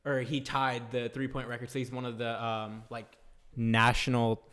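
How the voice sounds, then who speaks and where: Young man, bright tense voice, laid-back, casual podcast chat. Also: mid-range voice, flat delivery, normal speed. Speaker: podcast co-host.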